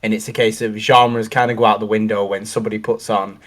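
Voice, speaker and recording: A man's voice: lowish voice, flat delivery, fast, fairly bright tone. Rambling middle-aged man. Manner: rambling, many restarts and ums, reflective. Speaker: co-host. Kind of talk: casual chat.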